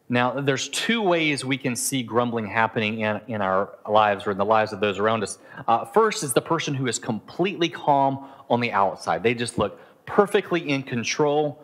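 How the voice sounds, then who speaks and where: A man's voice: mid-range voice, a bit bright. A middle-aged man preaching a sermon in an earnest, conversational way, now and then acting out the inner voices of his listeners. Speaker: pastor. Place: Southeast Asia.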